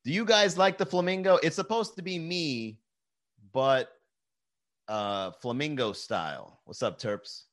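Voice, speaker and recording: A man's voice: on the high side, a little slow, a bit bright. A man hosts a casual comedy podcast, riffing loosely and reading viewer messages aloud. His talk is jokey and full of swearing, with easy restarts and asides to the chat. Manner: loose, joking, reads chat comments aloud, swears freely. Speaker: podcast host. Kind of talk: casual live-stream chat.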